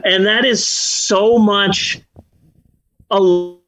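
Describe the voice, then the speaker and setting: A man's voice: high voice, fairly even intonation, drawn-out words, fairly bright tone, low-quality recording. A middle-aged man hosting a podcast, chatting casually in a rambling, self-deprecating way with many restarts. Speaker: podcast host. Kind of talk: casual chat.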